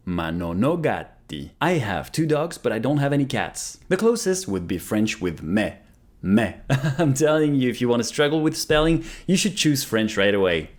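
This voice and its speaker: Lively man repeating foreign phrases. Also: medium pitch. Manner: repeats phrases slowly after the app. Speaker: language learner vlogger. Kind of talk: casual language lesson narration. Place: Canada.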